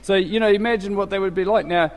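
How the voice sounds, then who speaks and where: A man's voice: sits high, steady tone, fast talker. A man preaching a sermon as pastor in a conversational, emphatic way. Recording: church with long reverb.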